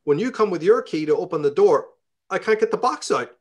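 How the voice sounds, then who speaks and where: Middle-aged man, Belfast accent, slightly higher voice, swears freely and rants while telling stories in an interview. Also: brisk, husky. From Northern Ireland. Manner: profane, ranting, animated. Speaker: interview guest. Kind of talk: storytelling in conversation.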